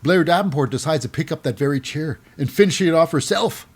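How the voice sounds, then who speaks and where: A man's voice: fairly high pitch, brisk, husky. A man casually recapping a wrestling show, rambling with many fillers and restarts, sometimes acting out quotes in a raised voice.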